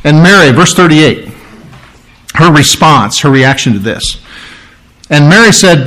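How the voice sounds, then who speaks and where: A man preaching a sermon, explaining scripture earnestly and acting out the story with lively voices. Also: fairly high pitch, a little slow, pauses often, poor audio.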